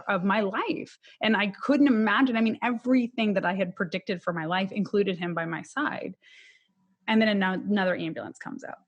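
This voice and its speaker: A woman's voice: medium pitch, fairly quick. Woman guest telling her story earnestly. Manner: earnest, emotional and candid. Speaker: podcast guest, criminologist. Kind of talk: personal storytelling.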